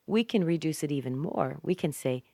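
A woman with a North American accent teaching English pronunciation, repeating example phrases slowly with exaggerated stress. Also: deep voice, animated, vocal fry, dark tone, dry recording, clean studio sound. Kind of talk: scripted pronunciation lesson.

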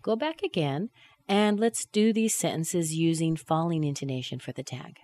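Low-pitched woman teaching. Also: animated, mellow. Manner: clear, deliberate model sentences with exaggerated intonation. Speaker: English pronunciation teacher. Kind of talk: recorded lesson.

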